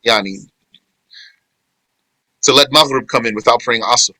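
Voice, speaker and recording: Bright, tense-voiced man teaching a class. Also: medium pitch, dry recording, poor audio. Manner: quizzes students and answers their replies; explains slowly, restating and correcting phrasing. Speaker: religious teacher. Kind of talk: informal class on Islamic law.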